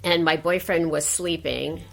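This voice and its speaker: A woman's voice: deep voice, steady tone, unhurried, gravelly. An older woman, a voice actress, chatting in a podcast interview and telling stories with lots of fillers and trailing phrases. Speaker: voice actress guest. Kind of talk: casual interview chat.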